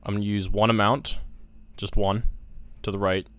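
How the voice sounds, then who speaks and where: A man's voice: fairly low pitch, flat delivery, normal speed, a bit bright, no echo. A young man casually walking through synthesizer settings in a music production tutorial, thinking aloud with fillers as he works. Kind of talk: casual screen-recorded tutorial.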